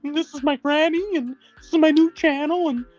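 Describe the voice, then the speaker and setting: A squeaky, bragging tough guy. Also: a little fast, darkish tone, highs cut off, faint music behind. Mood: boastful threatening. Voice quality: squeaky, high and strained. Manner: bragging, menacing, cackling. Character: squeaky-voiced boastful grown man making threats.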